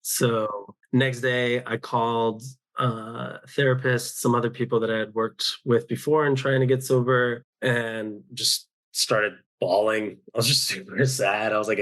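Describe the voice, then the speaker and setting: A man's voice: medium pitch, steady tone, normal speed, a bit bright. A man, a podcast guest, talking candidly about his own life in a rambling way, with frequent restarts and quoted thoughts, recorded at home. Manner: open, rambling, with many restarts and self-quotes. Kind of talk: candid personal storytelling.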